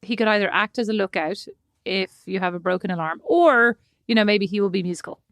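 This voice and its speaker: A woman's voice: mid-range voice, brisk, a bit bright, no echo, clean studio sound. A woman co-hosting a podcast, chatting wryly with her sister and laughing at herself. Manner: wry, self-deprecating, laughs often. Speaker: podcast co-host. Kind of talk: casual chat between sisters.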